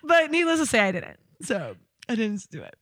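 A woman's voice: fairly high pitch, big pitch swings, normal speed, a bit bright, no room sound, clean studio sound. A woman co-hosting a casual chat, telling bawdy stories frankly and laughing often. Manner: candid, bawdy storytelling with frequent laughter. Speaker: podcast co-host.

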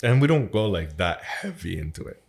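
A man from Toronto co-hosts a podcast in a casual, laid-back way, with a slightly low voice. He swears freely and laughs often as he chats. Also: very animated, fairly quick, vocal fry, a little mellow. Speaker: podcast co-host. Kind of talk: casual chat.

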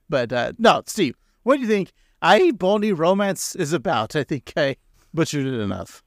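With big pitch swings in a voice on the high side, this man co-hosts a casual podcast at a moderate pace, rambling, joking and laughing frequently. The audio is clean studio sound with no room sound.

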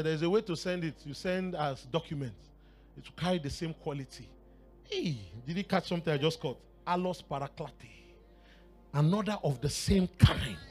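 A man preaching a sermon with fervor, dropping to a hush and then rising to shouts and half-sung phrases, sometimes speaking in tongues. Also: a little high. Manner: fervent, swings from hushed to shouting and half-singing.

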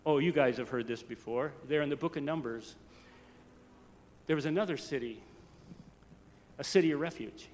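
A man from the United States preaching a storytelling sermon, swinging from soft to loud. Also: a little high, normal speed, long pauses, big-room sound, slight background noise. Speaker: pastor.

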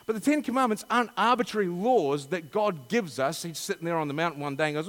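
A man's voice: sits high, animated, fast, hardly any pauses, fairly bright tone, in a large hall. A man preaching a sermon, asking rhetorical questions and reading scripture dramatically.

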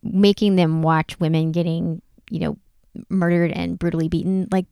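Woman chatting on a podcast, lots of likes and ums, smooth voice. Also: lowish voice, little pitch movement, moderate pace, dark tone, no echo. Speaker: podcast co-host. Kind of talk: casual chat.

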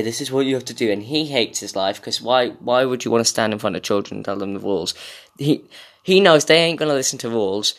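A young man, host of a solo show, ranting in a sarcastic, sweary, rambling way. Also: medium pitch. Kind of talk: casual comedic rant.

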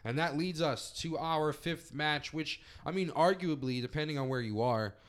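A man's voice: fairly high pitch, moderate pace, background noise. A man co-hosting a podcast, casually recapping a wrestling event, rambling with many fillers. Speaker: podcast co-host.

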